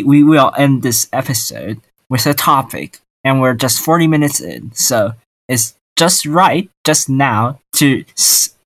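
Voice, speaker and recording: A man's voice: medium pitch, fairly bright tone. A man co-hosting a casual podcast chat, hesitant and often repeating words as he searches for what to say. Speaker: podcast co-host.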